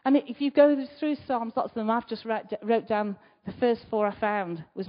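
A woman giving a conversational sermon, asking the congregation rhetorical questions and moving between loud emphasis and quiet asides. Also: on the high side, normal speed, few pauses. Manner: chatty, asks the listeners rhetorical questions. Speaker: preacher. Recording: slightly dull recording.

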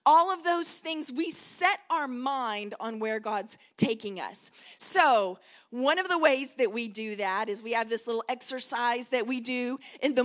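Texan woman preaching a sermon. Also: high voice. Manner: warm, encouraging, leads the congregation in call-and-response. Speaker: guest pastor.

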